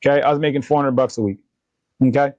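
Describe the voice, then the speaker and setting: A man's voice: medium pitch, fast, no room sound, muffled recording. A man in his thirties, a company founder and podcast guest, telling candid stories about his faith and leadership, acting out the dialogue with energy. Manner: earnest, animated retelling of dialogue, faith-driven. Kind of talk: candid interview storytelling.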